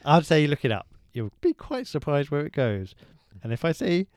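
A man's voice: on the high side, sing-song, a little fast, vocal fry, darkish tone, no room sound, clean studio sound. A man co-hosting a podcast, bantering playfully with a rambling, mock-theatrical delivery. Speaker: podcast co-host. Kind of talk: casual comedic banter.

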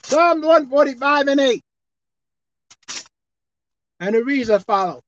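Lady preacher going quiet then shouting, voice jumps all over, kinda muffled. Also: high-pitched, lively intonation, slow. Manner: preaching with dramatic swings from soft to shouted. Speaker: pastor. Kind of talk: sermon. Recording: dull dry sound.

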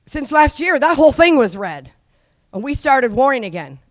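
A middle-aged woman preaches with a high, ringing voice, urging her listeners to repeat her words. She swings from quiet asides to fervent shouting. The sound is close and dry. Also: big pitch swings, normal speed, no echo. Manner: exhorting, call-and-response with the audience, rising to shouts. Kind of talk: charismatic sermon.

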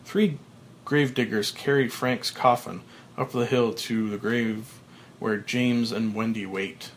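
A man hosting a podcast, reading a screenplay's stage directions aloud in a plain, even way with small slips. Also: medium pitch, a little slow, slight background noise. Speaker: podcast host.

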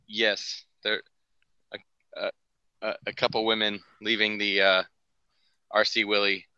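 A man co-hosting a podcast, telling deadpan anecdotes in casual chat. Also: lowish voice, measured pace, smooth, dry recording, highs cut off. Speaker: podcast co-host.

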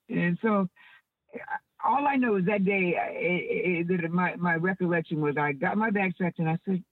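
A woman's voice: fairly low pitch, normal speed, no echo. A woman telling stories as an interview guest, rambling and restarting her words over a phone line. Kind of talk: casual storytelling. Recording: tinny dry phone line.

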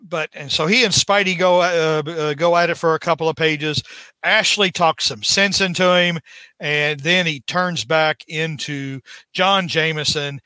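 A man's voice: on the high side, fairly even intonation, measured pace, sharp tone, clear, resonant tone, dry recording. A man hosting a comics podcast, gushing over a story and hamming up villain lines in casual chat. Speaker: podcast host reviewing comics.

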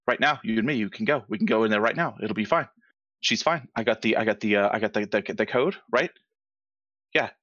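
A man's voice: lowish voice, brisk, a bit bright, no echo, pitched below the performer's own voice. A man voicing a burnt-out Irish hustler, jittery and evasive, with a put-on Irish accent that comes and goes, swearing a lot, on a dull lo-fi mic. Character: burnt-out Irish male drug-addled hustler.

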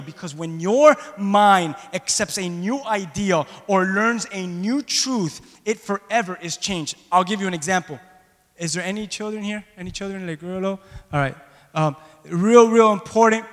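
A man preaching a sermon to his congregation, impassioned and rising to shouts at the peaks, questioning the room. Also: high-pitched, moderate pace, in a large hall. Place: church hall.

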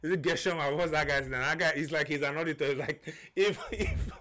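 A man's voice: on the high side, quick pace, no echo, studio quality. A young man, co-hosting a podcast, telling stories expressively and swearing. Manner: expressive storyteller, laughs often, swears. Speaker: podcast co-host. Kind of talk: casual chat.

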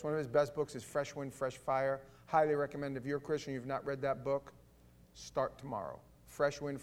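A man pastor giving a conversational sermon with stammering restarts, swelling into loud fervor. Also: medium pitch.

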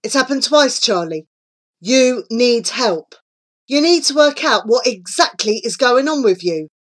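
A woman's voice: on the high side, expressive, a little slow, pitched above the performer's own voice. A woman voicing an earnest, bossy schoolgirl who patiently explains her plans in a children's audiobook.

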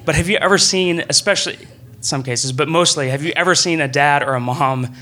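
A young man preaching a sermon in a church room, earnest and conversational, breaking into excited bursts. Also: a little high, fairly quick.

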